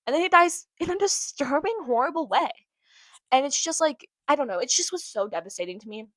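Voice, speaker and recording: A woman's voice: high voice, animated, fairly quick, fairly bright tone, dry recording, rough recording. A young woman hosting her own podcast, talking alone in a casual, emotional and rambling way, often repeating phrases for emphasis. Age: young adult. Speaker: podcast host. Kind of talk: casual solo podcast monologue.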